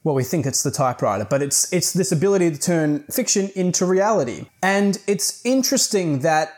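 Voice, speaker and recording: A man's voice: on the high side, lively intonation, a little fast, a little mellow. Rambling, chatty guy reviewing a book. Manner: chatty, rambling, swears now and then.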